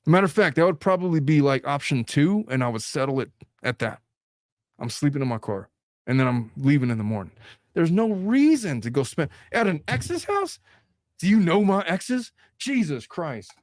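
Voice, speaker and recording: A man's voice: a little high, very animated, moderate pace, no echo, studio quality. A man hosting a casual podcast chat, talking bluntly and animatedly and swearing freely. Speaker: host.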